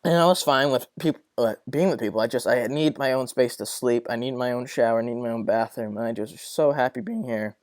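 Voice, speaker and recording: A man's voice: mid-range voice, a little fast, hardly any pauses, darkish tone, dry recording. Profane, exasperated young man ranting. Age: young adult. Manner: profane, rambling, exasperated venting. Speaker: podcast host. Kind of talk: casual solo podcast rant.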